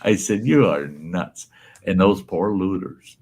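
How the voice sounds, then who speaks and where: Gravelly low-voiced man telling a story. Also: slow pace. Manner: animated storyteller, laughs through lines, quotes others in a raised voice. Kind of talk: casual storytelling chat.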